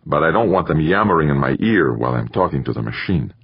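A man's voice: extremely low pitch, expressive, fast talker, vocal fry, husky, no room sound, dull audio, heavily acted. A man voicing a stubborn, impatient male space technician in an audiobook, terse and muttering. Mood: grumbling. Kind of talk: audiobook character reading.

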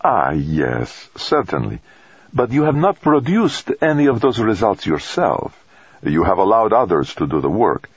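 Male narrator voicing an older Italian priest, soft, patient, husky, very lively pitch. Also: unhurried, no room sound, dull audio, exaggerated voice. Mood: gentle. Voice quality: soft, gentle.

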